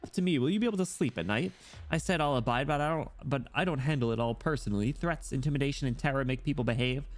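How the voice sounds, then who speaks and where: A man's voice: medium pitch, fast, voice pushed up, natural voice. A man reading aloud, voicing a hot-tempered young woman soldier of a rebel group in a game story, menacing and clipped.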